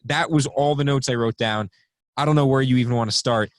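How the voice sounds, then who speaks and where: A man's voice: mid-range voice, a little fast, no echo. A young man co-hosting a casual podcast, rambling through his notes with lots of ums. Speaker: podcast co-host.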